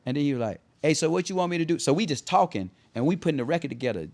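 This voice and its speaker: A middle-aged man, an R&B singer, telling stories casually in an interview and often imitating people's voices. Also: racing. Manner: animated storyteller who imitates people in high voices. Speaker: R&B singer guest.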